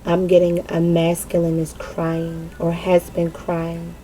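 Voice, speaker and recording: A woman giving a spontaneous spiritual card reading. She talks in a halting way, repeats words and thinks aloud, and sounds earnest and emotionally open. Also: lowish voice, monotone, warm tone, a little hiss or hum, low-quality recording. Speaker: tarot card reader.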